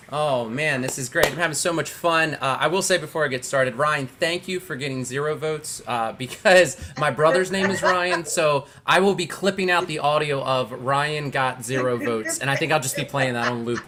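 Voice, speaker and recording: A man in his thirties doing a stand-up comedy set over a video call, telling stories with big acted-out shouts. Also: fairly high pitch, normal speed, hardly any pauses, noisy background. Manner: animated storytelling with loud acted-out shouts.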